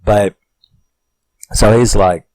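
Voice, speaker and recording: A man with a deep, low voice talks through a horror movie's plot in a loose, rambling way. He swears freely and keeps drifting into asides where he questions himself. The sound is dry and close, with no room echo. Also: fairly even intonation, very slow, darkish tone. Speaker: horror film reviewer. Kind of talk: casual film recap.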